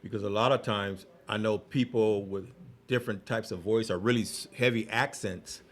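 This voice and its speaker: A man hosting a radio talk show in a lowish voice. He is chatty and enthusiastic, with plenty of animated reactions to his guest. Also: normal speed. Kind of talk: radio interview.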